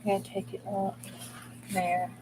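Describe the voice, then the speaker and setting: A woman's voice: mid-range voice, completely flat delivery, takes it slowly. Folksy woman crafting on a noisy stream. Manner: folksy, blunt, mild cursing, talks while working. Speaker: crafting channel host. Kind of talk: casual crafting livestream chat.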